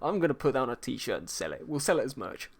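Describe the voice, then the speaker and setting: A man's voice: medium pitch, very animated, fast talker. A man chatting casually with his viewers on a livestream while he paints, playful and jokey as he reads the chat aloud. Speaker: livestreaming artist.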